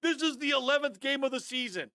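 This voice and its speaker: A man breaking down football game film on a live stream, animated and fired up, talking straight to his viewers. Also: very high-pitched, fast talker, dry recording, studio quality. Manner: addresses viewers as guys, often adds okay.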